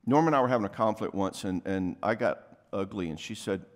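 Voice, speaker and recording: A man's voice: lowish voice, expressive. Chatty man speaking in a reverberant hall. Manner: conversational, quick asides and acted-out quotes. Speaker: marriage conference speaker. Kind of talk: casual workshop talk. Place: church venue, live talk.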